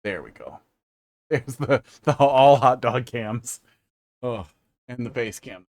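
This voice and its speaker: Slow and mid-range, with no echo, a man talks over his stream of a level-building game. His live-stream commentary is casual and rambling, mixing jokes with bits of humming to himself as he plays.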